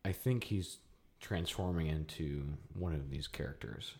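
Co-host, very low voice, dry, relaxed banter. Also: male voice, unhurried. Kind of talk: casual chat.

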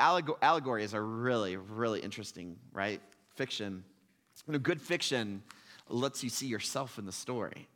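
Guy preaching, chatty, keeps checking in with the room, mid-pitched, long hall echo. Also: fairly bright tone. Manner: conversational, questioning asides. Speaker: pastor. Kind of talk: sermon.

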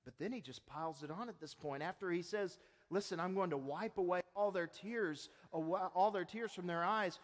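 High-voiced preacher in an echoing hall. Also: male voice, normal speed. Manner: swings between loud emphasis and soft, hushed delivery. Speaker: pastor. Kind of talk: sermon. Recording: long hall reverb.

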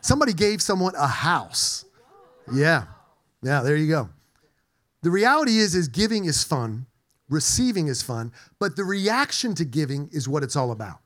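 A man's voice: fairly high pitch, normal speed. A middle-aged male pastor giving a playful sermon and drawing answers from his congregation in a church. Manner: animated, playful, engages the congregation.

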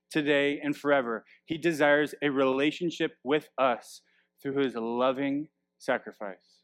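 A man preaching a sermon in a church and closing with prayer, earnest and emphatic. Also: medium pitch. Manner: earnest, emphatic, repeats key phrases. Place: church building.

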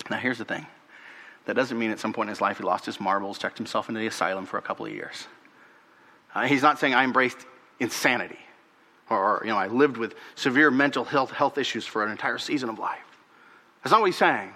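A male pastor preaching a sermon, animated, repeating words and swinging from emphatic highs to hushed, near-whispered lows. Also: big-room sound.

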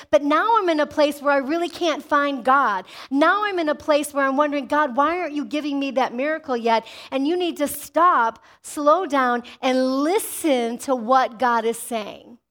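A woman's voice: high-pitched, fairly bright tone. A middle-aged woman preaching a sermon, earnest and emphatic, asking the congregation questions.

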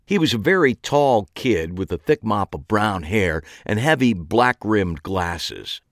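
A man's voice: sits low, lively intonation, measured pace, few pauses, fairly bright tone, dry recording. A man narrating a first-person story in a dry, wry way.

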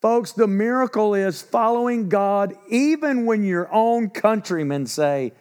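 A man preaching a sermon in a folksy, animated storytelling way with asides and acted quotes. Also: sits high, unhurried, smooth. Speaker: pastor. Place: church in Texas.

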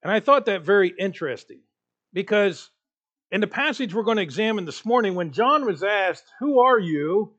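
A man preaching a sermon in a church, delivering it with rising emphasis and pauses. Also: high-pitched, expressive, a bit bright, muffled recording. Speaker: pastor.

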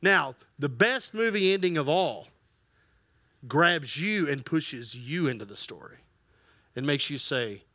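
A man preaching a sermon as pastor, animated and talking straight to his congregation, asking them to repeat lines after him. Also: on the high side, unhurried. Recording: echoey room with faint ambient noise.

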